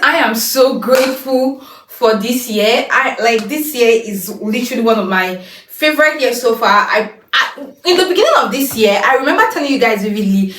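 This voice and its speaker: A woman's voice: fairly high pitch, moderate pace, far from the mic, a little hiss or hum. Gushing young woman vlogger, echoey room. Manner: excited, gushing, slangy. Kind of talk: casual vlog chat.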